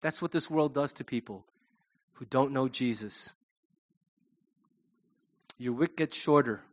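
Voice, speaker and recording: A middle-aged man preaching a sermon as pastor, animated, acting out quoted voices. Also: mid-range voice, unhurried.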